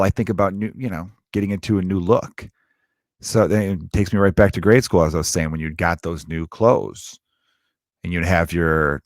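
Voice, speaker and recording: A man's voice: fairly low pitch, gravelly, no room sound, studio quality. A man in his thirties, a comedian hosting his own podcast, riffing in a rambling, profane monologue and acting out quoted voices.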